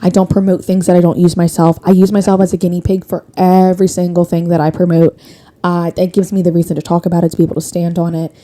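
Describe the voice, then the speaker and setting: A woman's voice: on the low side, flat delivery, quick pace, dark tone. A woman co-hosting a casual podcast, talking bluntly and rambling, with a slight lisp from being tongue-tied. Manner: blunt, rambling, self-interrupting. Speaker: podcast co-host. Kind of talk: casual chat.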